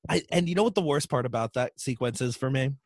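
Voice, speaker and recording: Podcast guest, man, mid-pitched, emphatic and rambling, dry close mic. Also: animated, fast talker, no echo. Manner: rambling, emphatic, trails off into asides. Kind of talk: casual chat.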